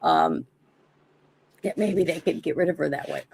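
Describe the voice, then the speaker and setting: Woman livestream host, low gravelly voice, dry throat, halting with fillers, casual commentary. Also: sing-song, darkish tone, slight background noise. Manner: halting, many fillers and restarts.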